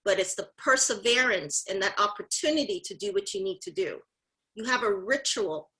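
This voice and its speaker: Bright-voiced woman giving a rousing talk. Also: mid-range voice, expressive, normal speed, low-quality recording. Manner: emphatic, repeats phrases, addresses audience directly. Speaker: mentorship session speaker. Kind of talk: motivational talk.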